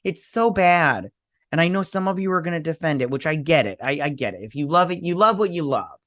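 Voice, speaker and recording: A man's voice: on the high side, animated, a little fast, fairly bright tone, no echo, clean studio sound. A man hosting a casual review vlog, blunt, sarcastic and dismissive in tone. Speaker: host.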